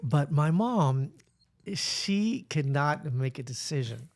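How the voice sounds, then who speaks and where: A man co-hosting a podcast, telling a story in an animated, exasperated way and switching between English and Spanish. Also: on the high side, takes it slowly, very noisy. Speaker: podcast co-host. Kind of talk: casual storytelling chat. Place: podcast studio.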